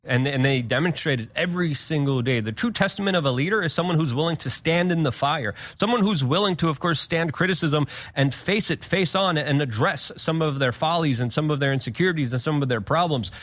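A man's voice: a little high, a little fast, hardly any pauses, a bit bright. Heated male guest, many restarts. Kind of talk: talk show interview.

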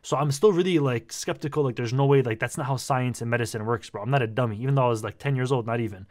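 A young man vlogging, telling a personal story in a casual, animated and slangy way. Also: mid-range voice, quick pace. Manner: animated, slangy, says "bro" a lot.

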